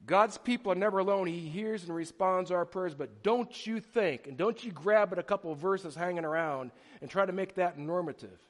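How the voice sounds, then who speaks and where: A man's voice: sits high, brisk, hardly any pauses. A middle-aged man preaching a sermon as pastor, telling stories animatedly with frequent restarts. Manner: animated storytelling with repeated restarts. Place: church sanctuary. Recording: long hall reverb.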